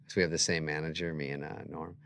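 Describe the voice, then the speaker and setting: A man's voice: rumbling low, level tone, fast talker, fairly bright tone, clear, resonant tone. A man guesting on a talk show, telling wry, mocking stories and acting out both sides of the conversations. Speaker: comedian guest. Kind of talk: casual anecdote telling.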